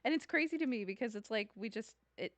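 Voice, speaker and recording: A woman's voice: fairly high pitch, animated, fast talker, no room sound. A woman co-hosting a podcast in casual chat, chatty and earnest. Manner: chatty, laughs often, earnest. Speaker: podcast co-host.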